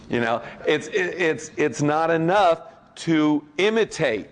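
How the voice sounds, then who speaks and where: A man's voice: fairly high pitch, lively intonation, normal speed. A man giving a guest of honor speech at a convention, telling jokes and anecdotes in a rambling way, breaking off often with fillers and restarts. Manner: rambling, joking, self-interrupting with fillers.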